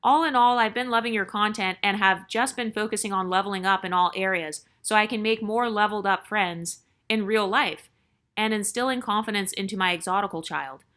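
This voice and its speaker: A woman's voice: medium pitch, fairly quick, fairly bright tone. A woman host reading a viewer's story aloud and then commenting on it in a casual, chatty way. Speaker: channel host.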